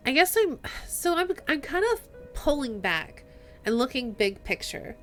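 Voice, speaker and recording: Woman streamer reading game lines out loud, thoughtful and soft, faint music behind. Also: sits high, very animated, measured pace. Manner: reflective and soft-spoken, reading choices aloud. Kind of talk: casual game let's-play, reading dialogue aloud.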